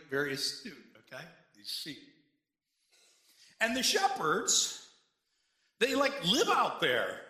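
A high, lively male voice preaching a sermon, bright and forceful in tone. He talks to the congregation casually, tossing in asides and rhetorical questions. The sound rings around a roomy church. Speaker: pastor. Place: church sanctuary.

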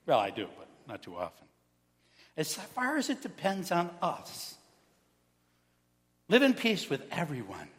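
Pastor guy preaching, chatty storyteller, high bouncy voice, long church echo. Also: measured pace, long pauses. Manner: animated, conversational, asks the congregation questions. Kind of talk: sermon with storytelling.

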